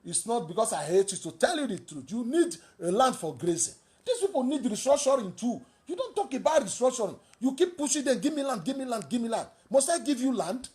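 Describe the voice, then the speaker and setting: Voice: medium pitch, sing-song, brisk, hardly any pauses, mellow. A speaker with a Nigerian accent giving fiery political commentary as a talk show host, asking rhetorical questions and repeating phrases for emphasis.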